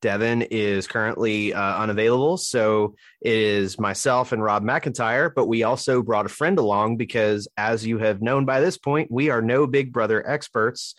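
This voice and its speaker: A man from Alabama hosting a casual podcast chat in a relaxed, chatty way. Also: mid-range voice, moderate pace, hardly any pauses, dry recording, studio quality. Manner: relaxed, chatty, plugs the show. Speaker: podcast host.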